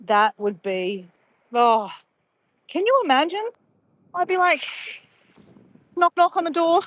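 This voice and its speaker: A woman's voice: very high-pitched, very animated, slow pace, pauses often, fairly bright tone, slight background noise. A woman, chatting casually and playfully with live viewers in a bubbly, laughing way.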